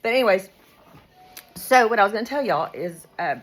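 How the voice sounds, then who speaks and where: A woman's voice: medium pitch, expressive, a little fast, faint music behind, low-quality recording. A woman, a hairdresser chatting casually to camera in her salon, rambling with lots of fillers. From Texas. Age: 50s. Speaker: hairdresser vlogger. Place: hair salon.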